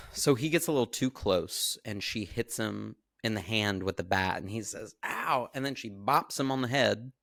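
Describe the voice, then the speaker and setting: A man co-hosting a podcast, casually recapping a film in animated, profane storytelling. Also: fairly low pitch, moderate pace, creaky, no room sound, clean studio sound. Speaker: podcast co-host.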